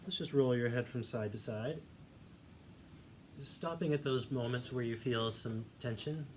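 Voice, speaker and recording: A male voice teacher calmly guiding a singing warmup, giving encouraging instructions. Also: medium pitch, a little slow. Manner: demonstrates hums and vocal sounds. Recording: faint background noise.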